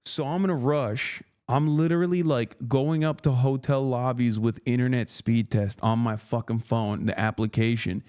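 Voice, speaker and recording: A man's voice: mid-range voice, fairly even intonation, normal speed, hardly any pauses, a little mellow. A man in his thirties, a streamer telling a long, profane, exasperated story in casual livestream chat.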